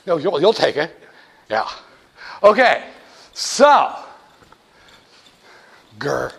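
Male instructor, high-pitched, lively and joking, lecturing a class directly. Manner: jokey, animated, talks straight to students.

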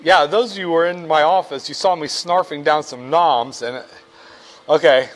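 A man's voice: on the high side, moderate pace. A man teaching a finance class step by step, joking with his students as he walks them through calculator keystrokes. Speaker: finance instructor. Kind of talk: classroom lecture.

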